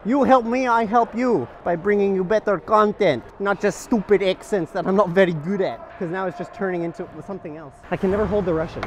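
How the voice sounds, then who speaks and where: Man goalie mic'd up on the ice, slightly high voice, dry self-mocking wit, loud rink noise behind. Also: fairly quick, hardly any pauses. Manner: joking, self-deprecating banter. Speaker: hockey goalie. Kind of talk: mic'd-up game commentary. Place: hockey rink during a game. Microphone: helmet-mounted action camera.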